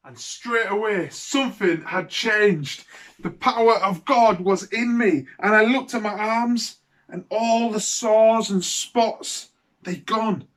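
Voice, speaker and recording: A man's voice: high voice, a bit bright. A man playing a mournful leper outcast. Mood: amazed. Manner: mournful, sighing, slow and heartfelt. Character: man with leprosy, outcast, telling his healing. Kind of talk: dramatic monologue for children.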